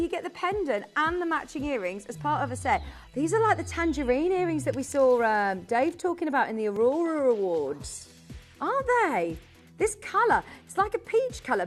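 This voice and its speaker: A woman presenting on a live shopping channel, chatty and bubbly, quickly rattling off prices and buyer names in a studio. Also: high voice. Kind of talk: live TV sales patter.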